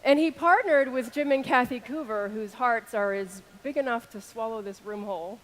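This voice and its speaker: A woman in her thirties giving a keynote speech on an arena stage into a stage microphone. She moves between loud shout-outs to the crowd and a slower, intimate delivery. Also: on the high side, a little hiss or hum. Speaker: keynote speaker.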